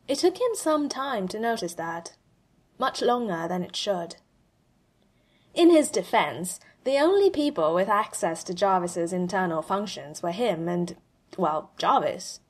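A woman narrating a fan story aloud, with expressive pacing and dramatic pauses. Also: mid-range voice. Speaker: fanfiction reader.

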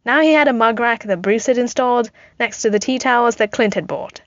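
A woman's voice: on the high side, fairly quick, hardly any pauses, dry recording. A woman narrating a fanfiction audiobook in a wry, dry manner. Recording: dull lo-fi home recording.

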